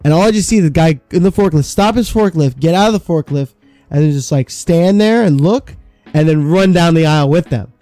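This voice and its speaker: A man spins a long, rambling work story on a podcast, swearing freely and acting out the other people in it. His voice is mellow and dark, recorded dry and close. Faint music sits underneath. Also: a little high, a little fast, no room sound. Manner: profane, rambling, animated storyteller. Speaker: podcast co-host. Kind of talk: casual storytelling chat.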